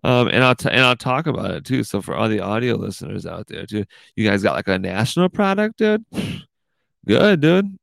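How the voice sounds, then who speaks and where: A man's voice: lowish voice, big pitch swings, a little fast, creaky, fairly bright tone, no room sound. A man hosting his own podcast, rambling goofily and tacking "dude" onto nearly every line. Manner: rambling, goofy, says "dude" constantly. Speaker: podcast host. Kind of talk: casual podcast monologue.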